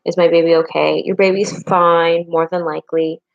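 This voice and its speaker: Chatty young mother with a gravelly voice. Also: on the low side, level tone, moderate pace, dry recording, dull audio. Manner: chatty, frank, talks straight to viewers. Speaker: vlogger and parent. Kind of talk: casual chat to camera.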